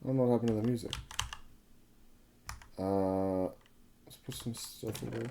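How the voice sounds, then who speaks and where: A man's voice: lowish voice, steady tone, normal speed, gravelly, noisy background. A man in his twenties who has been up all night, chatting casually and a bit ramblingly over his gameplay, often correcting himself and swearing freely. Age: 20s. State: sleep-deprived, up all night. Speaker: gaming video creator.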